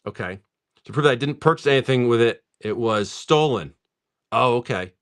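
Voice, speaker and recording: This livestream card seller speaks at a normal speed in a mid-range voice. While cracking open card packs, he tells a long, laid-back story, animated and talkative, with plenty of "dude" and "like" sprinkled throughout.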